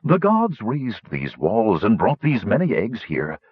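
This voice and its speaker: An ancient, lonely dragon speaks in grand, formal phrases, pleading for freedom, as a man reads him. The voice is low and husky, with pitch that swoops widely. The recording sounds dull and lo-fi. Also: wildly swooping pitch, a little slow, no echo, heavily acted.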